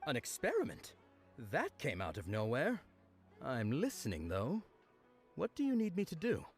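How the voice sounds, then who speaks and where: An actor playing a bashful, earnest young knight who speaks hesitantly in game dialogue. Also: male voice, on the high side, huge pitch swings, moderate pace, faint music behind. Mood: friendly. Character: shy young male knight, earnest and lovestruck.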